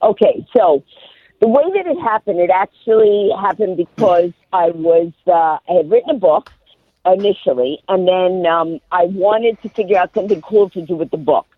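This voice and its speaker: A woman guest, a comedian and motivational speaker, telling a comic story at a rapid-fire clip on live radio and acting out the voices of the people in it. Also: fairly low pitch, dry recording. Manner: rapid-fire, animated, acts out quoted voices. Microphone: phone. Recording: tinny phone line.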